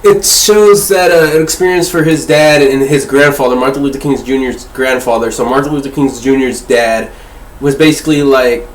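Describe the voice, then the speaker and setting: A man's voice: mid-range voice, steady tone, normal speed. A man hosting a casual book discussion, rambling and swearing freely as he corrects himself mid-thought. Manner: profane, rambling, self-correcting. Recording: echoey room.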